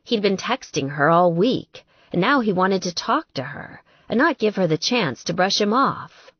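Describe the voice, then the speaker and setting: A woman narrating a romance novel in an expressive, unhurried storytelling manner. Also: mid-range voice, slightly rough, no room sound. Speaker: audiobook narrator. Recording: dry, slightly dull audiobook recording.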